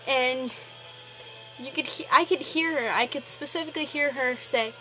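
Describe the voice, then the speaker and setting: A teenage girl vents in a rambling, exasperated rant, packed with fillers. Her voice sits a little high and sounds bright and forceful. Faint music plays underneath. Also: moderate pace, rough recording. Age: teens. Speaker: vlogger. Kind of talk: ranting vlog.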